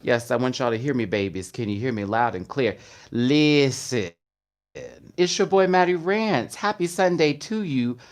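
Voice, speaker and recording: A young man hosting a casual live stream, playful and animated, greeting viewers by name from a bare room. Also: mid-range voice, normal speed, few pauses. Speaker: host of a live stream show. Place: bare room in a new home. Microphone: earbud headphones.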